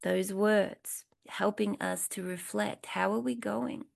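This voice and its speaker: Woman study leader, unhurried and instructive, with a gravelly voice. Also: medium pitch, steady tone. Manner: slow, deliberate, instructive, lists points one by one. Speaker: recovery program study leader. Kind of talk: step study lesson, reading aloud and explaining.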